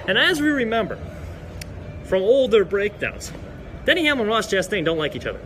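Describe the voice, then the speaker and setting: A high-pitched man rattles off an excited sports recap and slips into mocking voices for the drivers. Faint outdoor traffic hums behind him. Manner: fast, excitable, mocks drivers in put-on voices. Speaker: segment presenter.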